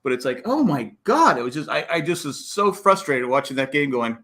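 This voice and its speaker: A man hosting a casual sports podcast, talking fast and acting out coaches' and fans' reactions. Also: fairly high pitch. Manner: animated, acts out coaches and fans with exclamations. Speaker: podcast host.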